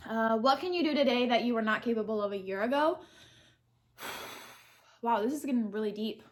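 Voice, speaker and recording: A woman's voice: on the high side, fairly quick. A young woman answering question cards while eating, talking candidly and thinking aloud. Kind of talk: casual mukbang chat.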